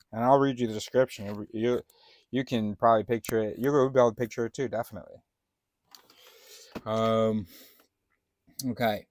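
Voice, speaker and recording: A man's voice: fairly low pitch, no room sound. A man vlogging in a casual, meandering monologue, thinking aloud with many fillers and restarts and swearing now and then.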